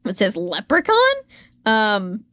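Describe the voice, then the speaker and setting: A woman's voice: mid-range voice, big pitch swings, slow pace, fairly bright tone, no echo. Woman, podcast co-host, casual sarcastic recap, loose and chatty, dry close sound, mid-range voice. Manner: chatty, sarcastic storytelling with frequent fillers. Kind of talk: casual chat recapping a reality show.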